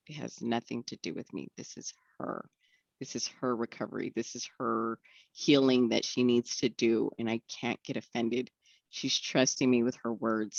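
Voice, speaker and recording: A woman's voice: a bass voice, no room sound, highs cut off. A woman telling her recovery story in a podcast interview, speaking in an earnest, reflective way. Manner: reflective, earnest, acts out quoted voices. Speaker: guest. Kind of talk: candid personal recovery story.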